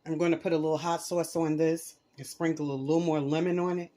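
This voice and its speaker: A woman hosting a casual cooking vlog in her home kitchen, chatting to viewers as she cooks and tastes, sometimes dropping to soft murmurs over the food. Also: low-pitched, flat delivery, fast. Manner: chatty, talks to viewers while cooking and tasting. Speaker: home cook and channel host.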